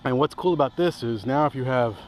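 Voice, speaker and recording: A man with a medium-pitched voice speaks fairly quickly while demonstrating his hammock setup outdoors among the trees. As an outdoor gear reviewer in a casual vlog, he's enthusiastic and rambling, often abandoning sentences halfway. The recording quality is low.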